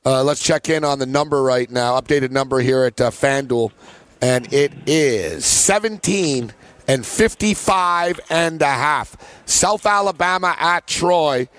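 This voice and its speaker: A man's voice: on the high side, measured pace, a bit bright, clean tone. A man hosting a sports betting talk show, telling a rambling story with frequent laughs in casual chat.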